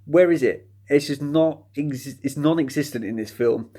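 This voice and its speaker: A man's voice: fairly high pitch, normal speed, dark tone. A man giving a casual, chatty spoken film review, sardonic and mocking the plot.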